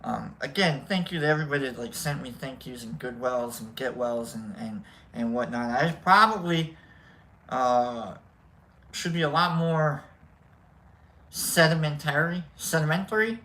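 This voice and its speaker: A man's voice: medium pitch, animated, a little slow, bright, forceful tone, poor audio. A man hosting a casual livestream, telling a rambling, self-deprecating story with jokes. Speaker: livestream host.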